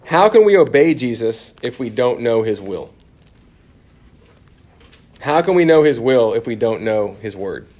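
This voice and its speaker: A man in the middle of a church Bible class, speaking at an ordinary middle pitch. His delivery is conversational. He keeps turning questions back to the room and stops and restarts his sentences, with the odd "um" in between. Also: sing-song, a little slow, long pauses, a little mellow. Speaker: church course teacher.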